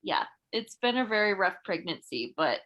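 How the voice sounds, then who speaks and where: A woman's voice: mid-range voice, big pitch swings, moderate pace, fairly bright tone, poor audio. A young woman shares thoughts in a book discussion over a video call. She speaks in a mid-range voice, hesitant and full of fillers as she works through her ideas. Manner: hesitant, many fillers and restarts. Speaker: book club member. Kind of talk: casual reflective sharing.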